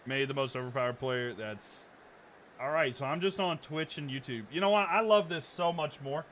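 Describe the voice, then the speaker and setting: A man's voice: medium pitch, normal speed, a little hiss or hum. A man live-streaming a football video game, calling plays like a commentator and venting his frustration between snaps. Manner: frustrated asides between excited play calls.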